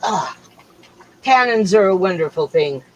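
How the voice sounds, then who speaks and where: A middle-aged woman hosts a casual livestream from home, chatting ramblingly and drifting between topics. Her mid-range voice has lively intonation and a slightly slow pace, and the sound is lo-fi.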